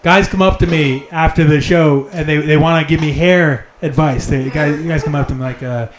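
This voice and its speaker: A man doing a stand-up routine on a comedy club stage, with a quick, wry, swearing delivery. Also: on the high side, fairly even intonation. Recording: echoey club room with noise.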